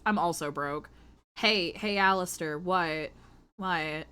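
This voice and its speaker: A woman's voice: fairly low pitch, slow pace, sharp tone, clean tone. A woman streamer chatting casually with her viewers while she draws, playful, flirty and crude. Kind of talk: casual livestream chat while drawing.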